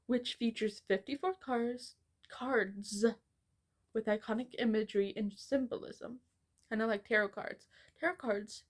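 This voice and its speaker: Young woman, American, casual book chat, rambling, self-mocking, filler-heavy, mid pitch. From United States. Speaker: book vlogger.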